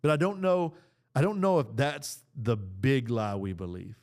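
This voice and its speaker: A man's voice: medium pitch, measured pace, darkish tone. A middle-aged man hosting a faith podcast, talking in an earnest, exhorting preaching style with casual fillers. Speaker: podcast host.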